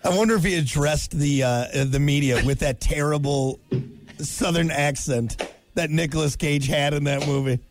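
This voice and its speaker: A man co-hosting a morning radio show, chatting casually and excitedly about sports with his co-host from the studio. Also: a little high, music in the background. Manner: excitable, laughing, quick asides. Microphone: studio mic.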